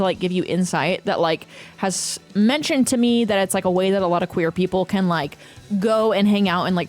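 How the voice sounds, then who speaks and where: A woman in her thirties, a streamer, telling a story in casual chat with frequent swearing. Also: mid-range voice. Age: 30s. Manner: ranting, profane, animated storytelling.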